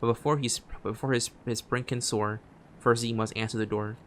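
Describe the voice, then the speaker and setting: A man streaming a game, reading its text aloud, often stumbling and restarting phrases and dropping quiet asides. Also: medium pitch, steady tone, fairly quick, a little hiss or hum. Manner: drops quiet asides between read lines.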